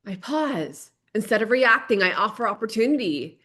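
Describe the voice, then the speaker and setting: A woman's voice: fairly high pitch, very animated, normal speed, fairly bright tone, breathy edge. A woman hosting a parenting podcast solo, earnest and repetitive, often checking in with "right?". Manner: earnest, repeats key points, frequent "right?".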